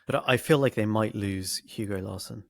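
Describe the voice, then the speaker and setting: A man's voice: on the low side, fairly quick, vocal fry, no echo, clean studio sound. Laid-back man in a podcast chat. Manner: laid-back, trails off mid-sentence. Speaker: podcast co-host. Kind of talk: casual football podcast chat.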